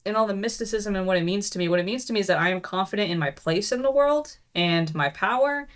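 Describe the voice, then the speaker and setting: A woman guest on a podcast in casual chat, telling animated stories with laughs and quoted lines. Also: medium pitch, fast. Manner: animated storytelling, laughing, quoting people.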